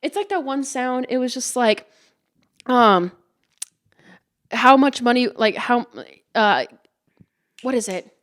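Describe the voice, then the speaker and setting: A young woman in her twenties from Iowa with a Midwestern accent, hosting a casual podcast chat, giggly and animated, swearing casually. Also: fairly high pitch, takes it slowly, long pauses. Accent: Midwestern American. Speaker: podcast host.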